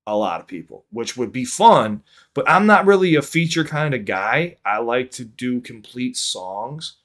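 A man's voice: mid-range voice, big pitch swings, a little slow, fairly bright tone. A man hosting a casual live reaction stream, talking in a rambling way with lots of restarts and casual swearing. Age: under 50. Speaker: livestream reaction host. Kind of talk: casual livestream chat.

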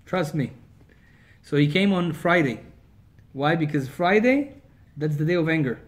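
Brief: rabbi lecturing, lively storyteller, higher male voice. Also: normal speed. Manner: animated storyteller, swings between loud and quiet.

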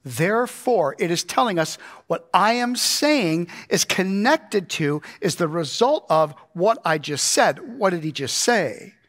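Male pastor, fairly high voice, emphatic conversational sermon delivery, keeps checking in with the room. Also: lively intonation, a little slow, few pauses, fairly bright tone. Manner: emphatic, conversational, asks the congregation rhetorical questions. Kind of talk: verse-by-verse Bible teaching sermon. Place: church.

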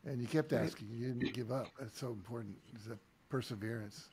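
A man's voice: medium pitch, fairly even intonation, brisk, noisy background. A man hosting a podcast interview, talking in a reflective, storytelling way with many "you know"s. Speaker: podcast host. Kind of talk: conversational interview.

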